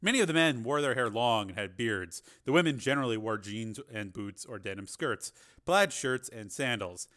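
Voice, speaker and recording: A man's voice: medium pitch, animated, moderate pace, sharp tone. A man narrating a novel as an audiobook, reading steadily with the odd filler.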